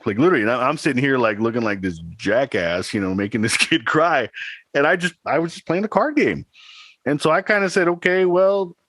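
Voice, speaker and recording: A man's voice: mid-range voice, animated, fairly quick, fairly bright tone, no room sound. A man in his thirties, a podcast co-host, chatting casually and telling a rambling story with laughs. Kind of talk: casual chat.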